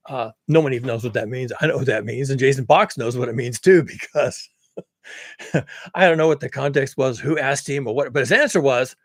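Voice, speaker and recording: Husky-voiced sardonic man ranting. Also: mid-range voice, a little fast, no room sound. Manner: sardonic, blunt and profane, laughs often. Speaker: climate commentary vlogger. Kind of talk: casual monologue to camera.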